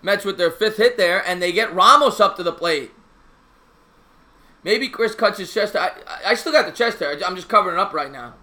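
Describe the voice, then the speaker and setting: A man calls a baseball game live and trades chatter with his viewers between pitches. His voice is high and very bright, and he talks in a slangy, excitable, casual way. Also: brisk. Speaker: live stream play-by-play host. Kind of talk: casual live play-by-play with chat replies.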